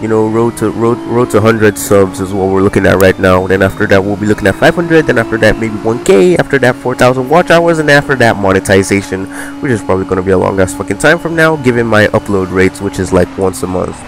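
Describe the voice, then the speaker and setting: A man's voice: fairly low pitch, expressive, quick pace. A man giving casual, profane, rambling commentary over his gameplay as a gaming YouTuber. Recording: game music playing underneath. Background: racing game music and car sounds.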